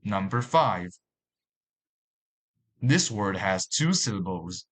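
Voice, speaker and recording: A man narrating a language lesson in a slow, deliberate way, repeating each example word. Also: on the low side, lively intonation, fairly bright tone. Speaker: language teacher.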